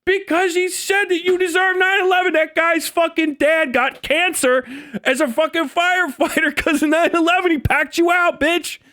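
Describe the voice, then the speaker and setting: A man rants on a livestream in a high, heated voice, cursing freely. He is recorded close and dry, with no room sound. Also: fairly even intonation, moderate pace, sharp tone, dry recording. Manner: profane, heated, swings into mocking impressions. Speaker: livestream host. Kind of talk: ranting livestream commentary.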